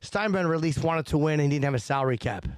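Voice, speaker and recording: Guy rambling and swearing on a podcast, kinda high voice, dry close sound. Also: animated, racing, clean tone, no room sound. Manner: rambling, profane, full of restarts. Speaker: podcast guest. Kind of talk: casual podcast chat.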